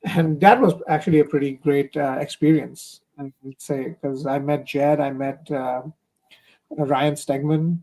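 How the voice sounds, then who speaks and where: Young male comic artist from India, remote interview guest, gravelly voice, hesitant. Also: fairly high pitch, fairly even intonation, unhurried, warm tone, low-quality recording. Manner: hesitant, many fillers and restarts. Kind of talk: casual interview. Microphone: remote stream call.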